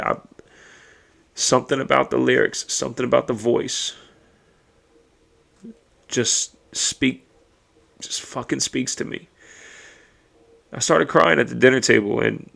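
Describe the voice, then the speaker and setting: A man talking alone on his podcast in a heavily gravelly, fry-filled voice. His tone is raw and emotional, with frequent swearing, as he works through his thoughts out loud. His voice sits a little low. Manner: raw, emotional and profane, thinking aloud. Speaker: podcast host. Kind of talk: personal monologue.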